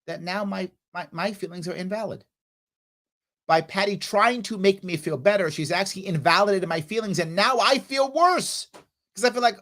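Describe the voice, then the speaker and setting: Animated middle-aged male talk show host. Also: high-pitched, brisk. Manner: animated, acts out quoted voices, emphatic. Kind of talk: motivational talk show monologue.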